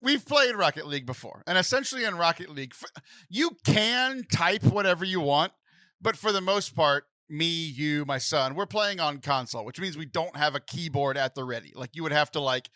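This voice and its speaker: A man's voice: a little high, animated, moderate pace, bright, forceful tone, dry recording. A man hosting a casual podcast chat, laughing often and explaining things at length. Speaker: podcast host.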